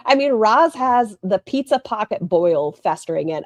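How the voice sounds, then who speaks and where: Blunt, mocking woman streamer with lively pitch. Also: moderate pace, hardly any pauses, no echo. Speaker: streamer reacting to another stream. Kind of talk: casual commentary.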